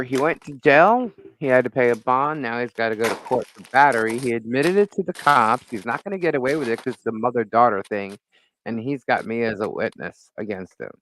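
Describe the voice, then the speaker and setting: A man's voice: medium pitch, a little hiss or hum, rough recording. A middle-aged man co-hosting a live talk show, telling a neighbor story in casual chat, laughing often and cursing freely. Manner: animated storyteller, frequent laughter, swears. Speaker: podcast co-host.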